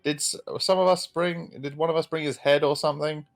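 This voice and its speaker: A man playing a tabletop game, speaking in a polite, deadpan, formal way in character. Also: fairly high pitch, fairly quick, soft background music. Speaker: player.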